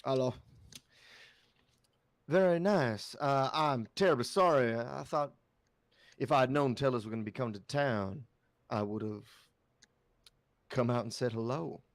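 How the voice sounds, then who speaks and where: A man's voice: mid-range voice, unhurried, pauses often, no room sound, lightly acted. A man voicing a huge, muscular, hardworking woman baker who speaks politely and plainly.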